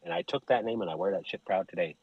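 A man with a husky, slightly breathy voice whose pitch leaps around as he tells crude, comic stories. He laughs a lot and slips into other people's voices mid-story. The sound is dry and close, with no room around it. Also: sing-song, fast, dry recording, lo-fi sound. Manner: profane, laughs often, acts out voices in stories. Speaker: podcast guest. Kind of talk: casual joking storytelling.

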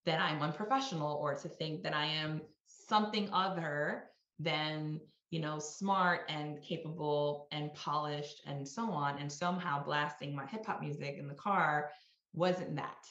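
Low-voiced middle-aged woman in a roomy space. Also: measured pace, fairly bright tone. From New York. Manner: reflective, peppered with "you know" and "right?". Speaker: executive guest. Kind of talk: conversational interview. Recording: roomy, slightly dull sound.

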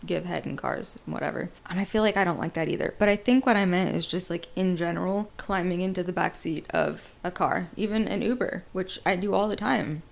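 A woman's voice: fairly low pitch, fairly quick, creaky, hardly any pauses. A woman in her twenties hosting a podcast, talking in a blunt, profane, rambling monologue. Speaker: podcast host.

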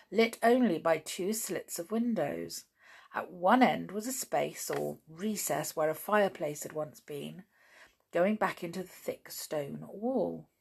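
A woman reading a children's adventure book aloud as a storyteller, with animated, expressive delivery. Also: fairly low pitch, vocal fry, breathy edge.

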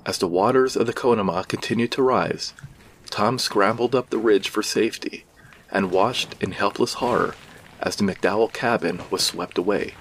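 A man with a fairly low voice tells an old ghost legend as scripted narration. His delivery is measured and somber, paced like a storyteller. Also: a little hiss or hum.

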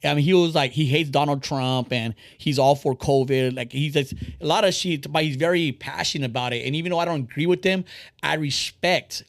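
A podcast host talking in a quick, rambling flow, blunt and freely profane. His voice sits a bit high for a man. The sound is dry and close, with no room echo. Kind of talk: casual podcast chat.

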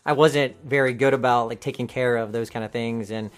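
A woman's voice: extremely low pitch, fairly even intonation, fairly quick. A woman from the American South hosting a podcast, chatting in a rambling, casual way and swearing now and then. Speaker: podcast host. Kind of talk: casual chat.

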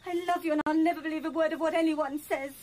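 A woman's voice: sits high, fairly even intonation, quick pace, darkish tone, lightly acted. An actress playing a devoted, infatuated woman in a radio drama, fervent and breathless. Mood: adoring.

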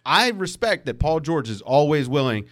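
Lively, opinionated man with a swooping voice. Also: fairly high pitch, normal speed. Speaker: podcast co-host. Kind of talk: casual sports chat.

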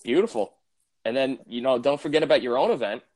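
A young man co-hosting a casual podcast, friendly and encouraging toward his co-host. His mid-pitched voice sits in a dry, close recording. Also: fast, a little mellow, no echo. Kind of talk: casual chat.

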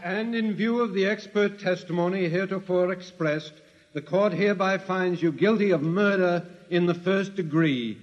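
A man's voice: high voice, moderate pace, lightly acted. An actor playing a stern male judge delivering formal pronouncements in a 1950s radio drama. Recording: dull, reverberant old radio recording.

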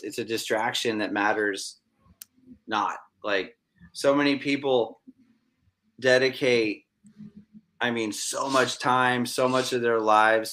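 A man, a musician guest, giving opinionated views in a casual chat, halting and restarting his sentences. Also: fairly low pitch, fairly bright tone.

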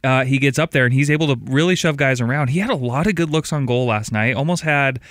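Male co-host, smooth clear voice, dry close studio sound, earnest and enthusiastic. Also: medium pitch, quick pace, a bit bright, dry recording. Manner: earnest, enthusiastic storyteller with fillers. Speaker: podcast co-host. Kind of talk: casual sports chat.

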